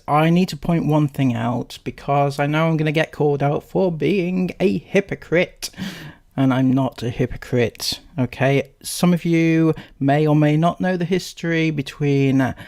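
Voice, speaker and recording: A man's voice: a little high, a little mellow. A man hosting a commentary video, talking in a sarcastic, mocking way. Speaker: commentary YouTuber. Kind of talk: casual commentary.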